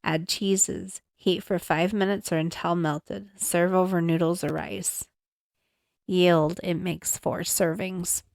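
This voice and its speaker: A young woman with a lowish, creaky, darkish voice hosts a home cooking podcast, reading ingredients and steps slowly with fairly even intonation. She is chatty and apologetic, self-conscious about the handheld mic she keeps moving. The studio sound is clean and dry.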